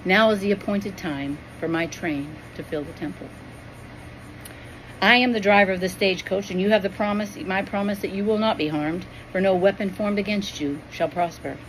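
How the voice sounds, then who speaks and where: A woman voicing God the Father as a gentle, grieving male deity, speaking with tender, solemn pleading in a spoken devotional story. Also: mid-range voice, normal speed, slight background noise, close to an everyday voice, poor audio. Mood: reassuring.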